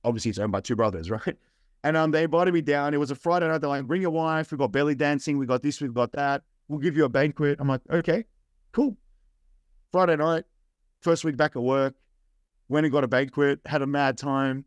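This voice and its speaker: An Australian man, a young adult guest, telling lively anecdotes in casual chat, often tagging lines with "right?" and acting out what people said. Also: fairly high pitch, a little fast, dry recording, muffled recording. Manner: animated anecdotes with "right?" and "I'm like". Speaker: interview guest. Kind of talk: casual storytelling.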